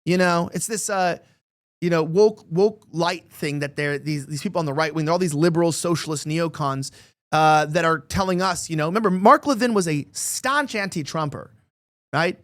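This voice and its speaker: A man's voice: a little high, normal speed. A man hosting a political commentary show, talking emphatically and rambling, often repeating words as he gets worked up.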